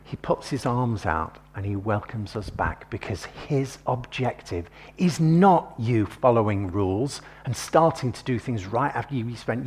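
A low-pitched man delivers a sermon at an unhurried pace. His voice is husky, and he drops to a near-whisper for tender points before rising to forceful emphasis. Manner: swings between hushed and emphatic. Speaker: preacher.

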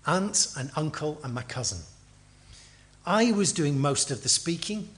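A man's voice: mid-range voice, a bit bright. A middle-aged man from England preaching a sermon, telling stories with acted quotes and dry humor.

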